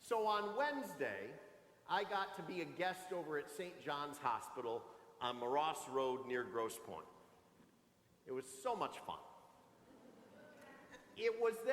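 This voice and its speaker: A man in his sixties, a pastor giving a homily with animated, humorous storytelling in a church sanctuary. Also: on the high side, measured pace, slight background noise. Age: 60s. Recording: echoey church with long reverb.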